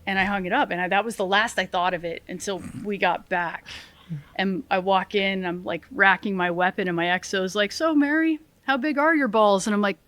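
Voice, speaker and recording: A middle-aged woman, a retired Army sergeant, telling stories as a podcast guest in a lively, self-deprecating way, laughing often and acting out what people said. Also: medium pitch, a little fast, no room sound. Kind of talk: casual interview storytelling.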